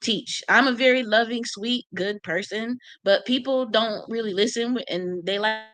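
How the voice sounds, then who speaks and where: A woman's voice: fairly high pitch, normal speed, a bit bright, dry recording. Woman w aave talking trash on her livestream, blunt and cussing a lot, dry close sound. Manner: blunt, profane, brash, talks back to commenters. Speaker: channel host reading live comments. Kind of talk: casual livestream chat.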